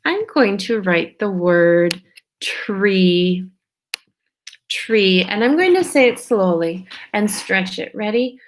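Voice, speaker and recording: A kindergarten teacher, a woman, giving a slow, patient phonics lesson, stretching out sounds and checking in with young children. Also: mid-range voice, big pitch swings. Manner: stretches out sounds and words slowly, checks in with "okay?".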